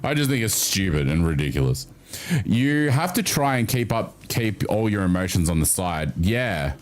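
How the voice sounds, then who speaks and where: A man hosting a livestream, chatting casually with his viewers and swearing freely. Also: normal speed. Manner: animated, chatty, swears freely, jumps up in pitch. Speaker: livestream host. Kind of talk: casual chat with stream viewers.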